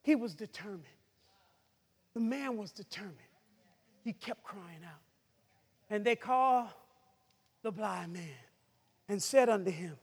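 A man preaching a sermon who shouts, cries out and then drops to a hush, heard in a church hall. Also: high voice, slow pace, creaky, long pauses. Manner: shouting, cries out, swings from loud to hushed. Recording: long hall reverb.

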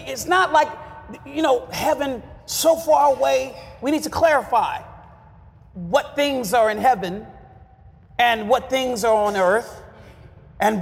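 A pastor preaching a sermon with call-and-response and shouted refrains. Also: male voice, extremely high pitch, in a large hall.

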